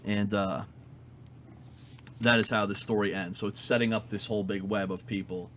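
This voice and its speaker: A man co-hosting a comic book podcast, retelling a comic's story in a lively, casual way with fillers. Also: lowish voice, normal speed, slight background noise. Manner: animated retelling, fillers, quotes characters in his own voice. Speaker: podcast co-host reviewing comics. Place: comic shop.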